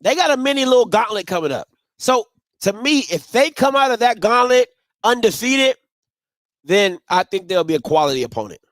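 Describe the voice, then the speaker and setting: A man's voice: high voice, very animated, normal speed, a bit bright, no room sound, studio quality. A man hosting a postgame sports talk show, emphatic and repetitive as he argues his point. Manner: emphatic, repeats himself, breaks into laughing fits.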